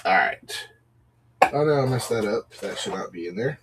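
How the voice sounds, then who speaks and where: A man's voice: on the low side, lively intonation, moderate pace, noisy background. A man hosting a live card sale, chatting casually, apologizing and talking through pack openings in an upbeat way. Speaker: livestream card seller. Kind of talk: casual live-selling chat.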